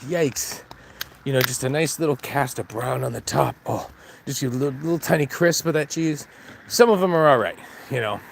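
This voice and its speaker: A man's voice: medium pitch, fairly quick, vocal fry. Guy vlogging while walking his dog, rambly, laughs at his own jokes, some faint noise around. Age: adult with kids. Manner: rambling, jokey, laughs at himself. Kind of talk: casual walk-and-talk monologue. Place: outdoors on a dog walk.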